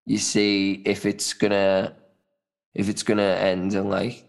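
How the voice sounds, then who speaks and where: A man's voice: fairly low pitch, completely flat delivery, slow pace, creaky. A young adult man co-hosting a casual podcast chat, rambling loosely with lots of "you know" and "man". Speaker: podcast co-host.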